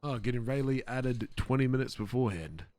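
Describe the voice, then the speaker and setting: A man's voice: medium pitch, brisk, a little mellow. A man streaming a police role-play, talking casually, swearing freely and laughing often. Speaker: streamer playing a police officer.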